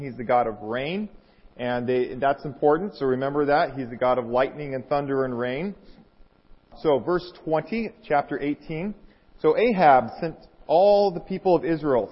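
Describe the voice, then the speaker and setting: A man preaching a sermon as a guest speaker, retelling a scripture story with lively asides and mocking emphasis. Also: fairly high pitch, big-room sound, dull audio.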